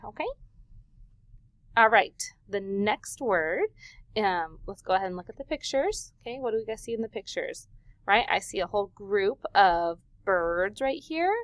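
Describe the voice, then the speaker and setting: A woman teacher giving a recorded vocabulary lesson to young children, animated and full of questions, stretching words for emphasis. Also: mid-range voice, normal speed, dry recording.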